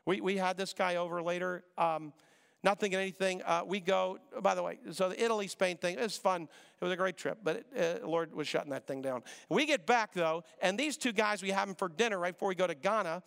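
A middle-aged man preaching, telling a story in a quick, conversational way and acting out the dialogue. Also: sits high, vocal fry, fairly bright tone, clear, resonant tone. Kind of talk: sermon storytelling. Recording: reverberant hall.

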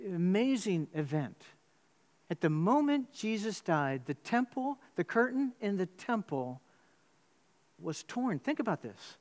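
Man preaching an animated sermon. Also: unhurried. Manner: animated storytelling with sudden pitch jumps. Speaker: pastor. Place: church.

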